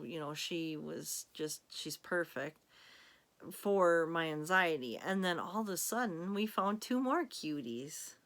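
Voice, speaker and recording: A woman's voice: deep voice, fairly bright tone. A woman vlogger chatting casually to her camera in a rambling, giggly way.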